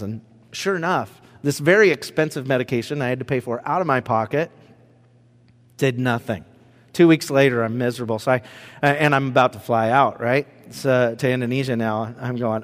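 A man preaching in a relaxed, conversational way, telling a personal story with lots of fillers and acted asides. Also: fairly high pitch, brisk. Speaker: pastor. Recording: long hall reverb.

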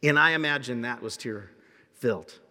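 A man pastor preaching a sermon in an animated, humorous storytelling way. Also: mid-range voice, normal speed, big-room sound.

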